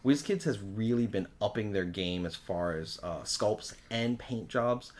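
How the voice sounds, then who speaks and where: A man's voice: on the low side, measured pace, a little mellow. A man co-hosting a game shop's live show, talking up new products in enthusiastic casual chat and laughing often. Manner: enthusiastic, laughs often, loses his words. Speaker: co-host of a game shop show. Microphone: livestream.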